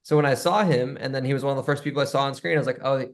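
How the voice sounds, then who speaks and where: A man's voice: mid-range voice, steady tone, rapid-fire. A man with an ordinary mid-range voice tells rambling, conversational stories. His tone is loose and talky, as on a casual podcast. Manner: chatty storyteller, loose and rambling. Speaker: podcast guest. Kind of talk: casual anecdote telling.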